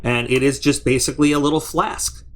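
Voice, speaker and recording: A man's voice: medium pitch, steady tone, brisk. A man hosting a casual unboxing review, rambling and chatty, with plenty of restarts and side remarks, talking straight to his viewers. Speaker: product reviewer and channel host.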